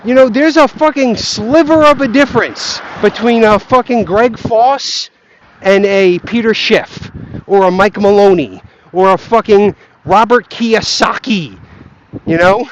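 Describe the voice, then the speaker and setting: A young man with a high-sitting voice walks outdoors across grass, stoned and unhurried, ranting heatedly about markets and swearing as he rambles like a vlogger. The dull lo-fi outdoor recording carries a little hiss or hum.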